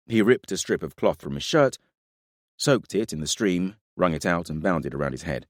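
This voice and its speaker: A man narrates a fantasy audiobook in a very low voice. His reading is measured and dramatic. The recording is dry and close, with no room sound. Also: expressive, no room sound.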